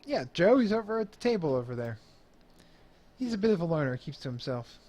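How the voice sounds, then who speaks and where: A man's voice: a little high, big pitch swings, a little fast, dark tone. A man playing a blustery nightclub boss. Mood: chatty. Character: blustery male nightclub owner, touchy about family.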